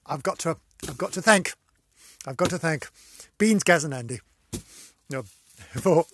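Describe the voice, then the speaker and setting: A man's voice: fairly high pitch, expressive, a little slow, a little hiss or hum. A man hosting a solo podcast, rambling and easily distracted, with a theatrical, exclamatory delivery and frequent giggles. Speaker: podcast host. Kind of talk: casual solo podcast chat.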